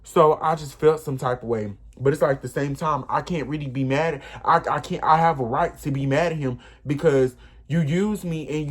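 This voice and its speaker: A man's voice: a little high, normal speed. A young man in a casual storytime vlog, retelling events in an emotional, rambling way. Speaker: vlogger.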